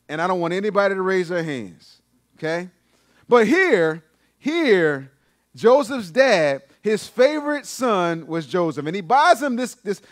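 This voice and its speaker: A man preaching a sermon as pastor, animated and emphatic, repeating his phrases for stress, in a church sanctuary. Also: high voice, no echo, clean studio sound.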